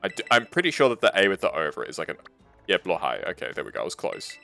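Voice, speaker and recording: A man's voice: sits low, wildly swooping pitch, very fast, gravelly, pushed and bright, soft background music. A young Australian man, a streamer casually chatting with his live chat while gaming, reading messages aloud and laughing often.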